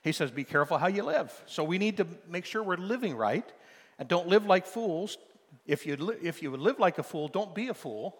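Older pastor preaching in an echoey hall. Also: male voice, high-pitched, animated, a little fast, slightly rough. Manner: builds from soft storytelling to loud emphatic preaching. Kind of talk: sermon. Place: church sanctuary. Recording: long hall reverb.

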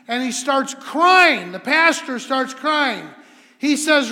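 A man preaching to a congregation as a visiting speaker, telling stories with animated emphasis and leading prayer. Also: extremely high pitch, slow pace. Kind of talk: sermon with storytelling and prayer. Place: church sanctuary. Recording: echoey hall sound.

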